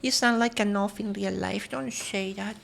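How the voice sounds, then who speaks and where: A woman's voice: mid-range voice, fairly even intonation, normal speed, gravelly, fairly bright tone, a little hiss or hum. A woman streamer, chatting casually with her viewers and greeting them one by one. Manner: chatty, greets viewers one by one, switches between English and Spanish.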